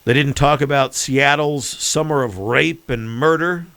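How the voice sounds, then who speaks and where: A man's voice: medium pitch, unhurried, fairly bright tone, no echo. A man hosting his own podcast, delivering a sarcastic, mocking political commentary monologue. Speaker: podcast host.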